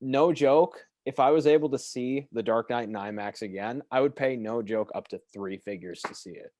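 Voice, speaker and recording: A man's voice: medium pitch, moderate pace, darkish tone. A young man in casual podcast chat, earnest and emphatic as he describes something he loved.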